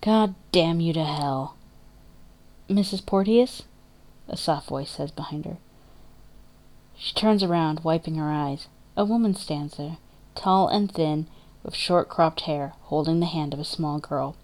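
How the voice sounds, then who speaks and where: A woman reads dramatic fiction aloud, with measured, emotive narration. Her voice sits fairly low for a woman, and she gives the story steady attention. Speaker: story reader.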